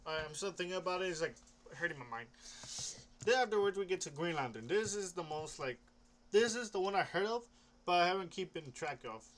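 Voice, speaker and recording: A man's voice: high voice, animated, brisk, fairly bright tone. A young man rambling casually about comics, hesitant, restarting often and swearing offhandedly. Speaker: comic book vlogger.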